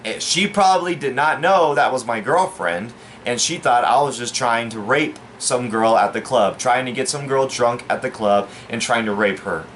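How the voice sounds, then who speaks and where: A man rambles through a personal story in a casual, halting delivery, stumbling over fillers and restarting his sentences. He sounds baffled and aggrieved, and his voice sits at a middling pitch. A faint noise runs behind him. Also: a bit bright. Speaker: storyteller vlogger.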